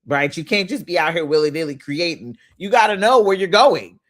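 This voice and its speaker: A manifestation coach with a lowish voice delivers a brisk motivational talk as host. She's animated and preachy with a playful streak, laughing often and hollering for emphasis.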